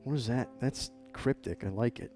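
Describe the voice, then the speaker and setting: A man's voice: medium pitch, moderate pace, warm tone, faint music behind. A man hosting a live stream, opening fan mail and chatting in a playful, joking, thankful way. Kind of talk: casual live-stream chat.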